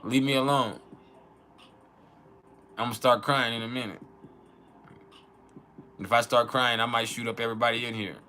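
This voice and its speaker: Profane animated man with a bright voice. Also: mid-range voice, normal speed, pauses often, slight background noise. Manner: profane, animated, laughs often, acts out quoted arguments. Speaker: astrology channel host. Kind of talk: casual unfiltered chat.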